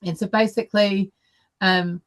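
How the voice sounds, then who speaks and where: A middle-aged woman tells a personal story to an online meeting over a video call, unhurried and full of fillers and restarts. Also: mid-range voice, fairly even intonation. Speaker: guest speaker.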